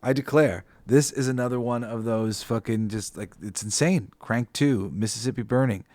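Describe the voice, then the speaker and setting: A man's voice: medium pitch, normal speed, darkish tone, no echo. A man hosting a podcast in casual, rambling talk, swearing freely and thinking aloud with lots of fillers. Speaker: podcast host.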